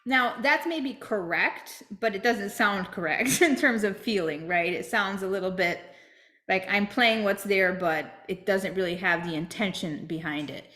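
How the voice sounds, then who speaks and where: A woman's voice: medium pitch, unhurried, sharp tone, roomy sound. A woman teaching a flute masterclass, explaining step by step and checking in with "right?".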